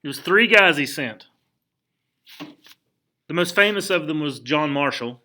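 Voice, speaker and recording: A male history teacher lectures his class in a lively, conversational style, constantly throwing rhetorical questions at the students and often restarting sentences. His fairly high voice is bright and forceful, and he speaks a little slowly.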